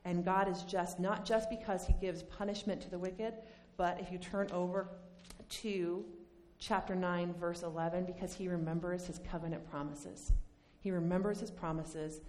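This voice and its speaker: A woman teaching a Bible study lesson in a conversational, animated way, acting out the lines she quotes. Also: fairly low pitch, normal speed, few pauses. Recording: long hall reverb.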